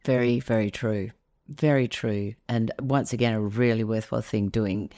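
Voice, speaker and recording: A woman's voice: very deep voice, steady tone, normal speed, mellow. A middle-aged woman, hosting a podcast and chatting casually with many fillers. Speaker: podcast host. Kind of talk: casual conversation.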